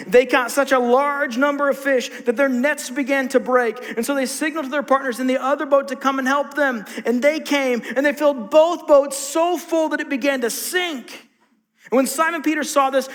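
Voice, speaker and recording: A man's voice: very high-pitched, fairly bright tone. A male pastor preaching a sermon in a conversational way, stressing points by repeating them. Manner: conversational, emphatic repetition. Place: church sanctuary. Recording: long reverb of a church hall.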